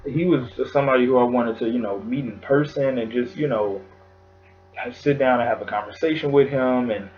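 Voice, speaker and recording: A man giving an emotional tribute in his vlog, talking haltingly with long pauses, sighs and fillers, close to tears. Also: medium pitch, dull audio, soft background music. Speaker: vlogger.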